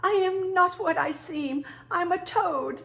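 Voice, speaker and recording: A woman's voice: measured pace, lo-fi sound, natural voice. A woman voicing a desperate, sobbing male toad who is running from the police, in a storybook read-aloud. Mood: begging. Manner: pleading, whimpering, high-pitched.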